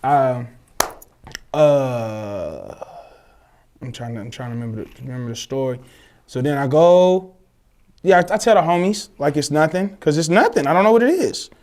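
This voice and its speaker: A young man, telling a personal story in casual, slangy, animated chat, acting out the voices of others. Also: medium pitch, moderate pace, long pauses. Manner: animated, swears freely, slangy, acts out quoted voices. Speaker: guest telling his story.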